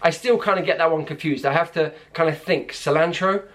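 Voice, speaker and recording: A man's voice: fairly high pitch, fairly quick, fairly bright tone. A British man explaining words in a light, self-deprecating way. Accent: British English. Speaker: language explainer in a played clip. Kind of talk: scripted explainer.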